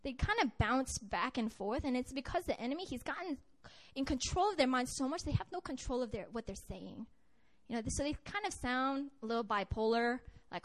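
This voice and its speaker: A woman's voice: high voice, very animated, a little fast, hardly any pauses. A woman giving a conversational, earnest sermon with a personal story to a group, often restarting her sentences. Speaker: preacher.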